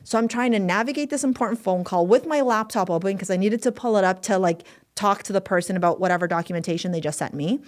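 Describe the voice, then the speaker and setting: A woman, a manifestation coach, telling a story in a casual podcast chat, animated and swearing freely. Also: medium pitch, quick pace, hardly any pauses.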